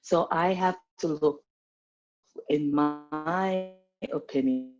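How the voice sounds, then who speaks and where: A woman's voice: sits low, takes it slowly, dull audio, over loud music. A woman from Nigeria, a medical practitioner, speaking earnestly and animatedly as a panelist on a video call.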